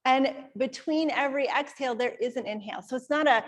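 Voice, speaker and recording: Higher-voiced woman teaching a yoga class. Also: a little fast, few pauses. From Iowa, USA. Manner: calm, conversational, explaining step by step. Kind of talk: guided yoga class instruction.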